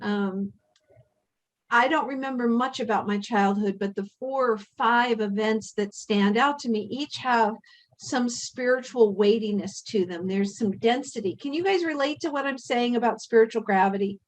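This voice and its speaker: A woman hosting a spiritual workshop, speaking in a measured, earnest way and drawing the group in with questions. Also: fairly high pitch, rough recording. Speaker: workshop host. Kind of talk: reflective spiritual talk.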